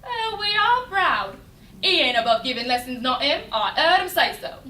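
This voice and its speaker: A woman reciting as a brash cockney flower girl, loud and defiant, recorded from a distance in an echoey room. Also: high-pitched, sing-song, normal speed, full character voice. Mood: indignant. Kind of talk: recitation in a speech competition.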